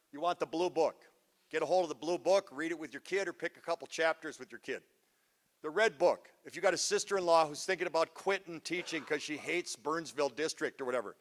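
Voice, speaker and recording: Goofy, joking man on stage. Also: on the high side. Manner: joking, goofy, energetic, teasing the crowd. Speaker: parenting seminar speaker. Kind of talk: live motivational talk to an audience. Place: school event before a live audience.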